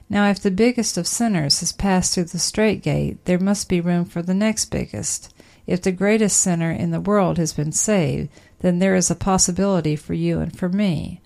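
Low, gravelly-voiced woman reading a sermon. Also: a little mellow. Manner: measured, emphatic preaching delivery. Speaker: sermon reader. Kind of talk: read-aloud sermon.

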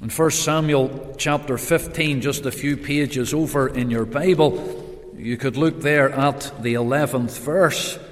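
Preacher guy, slow and deliberate, voice sits a bit high, loud then hushed. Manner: swings between raised emphatic calls and hushed solemn passages; repetitive rhetorical questions. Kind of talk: sermon. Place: church. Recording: long reverb of a church hall.

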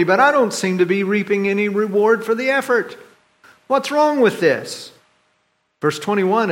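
Guy preaching a sermon, kinda high voice, big swings loud to hushed. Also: vocal fry. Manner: dramatic swings in pitch and volume, voicing the psalmist's complaints. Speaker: pastor.

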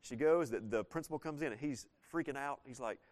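Guy preaching, middle-aged, chatty storytelling, drags out the big points, mid pitch. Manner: conversational storytelling, slows down to stress key phrases. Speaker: pastor. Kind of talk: sermon.

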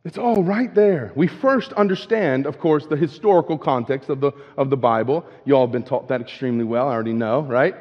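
A man's voice: medium pitch, fairly quick, few pauses. A man preaching a sermon in a conversational way. He keeps checking in with "right?", and he repeats and restarts words as he goes. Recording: dull lo-fi with long hall reverb.

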